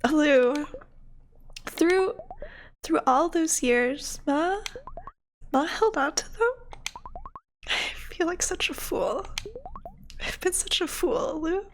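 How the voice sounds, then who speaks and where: A woman's voice: high-pitched, slow, long pauses, a little hiss or hum, pitched above the performer's own voice. A woman voicing a weary single mother who answers in a strained, defensive way. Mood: sorrowful.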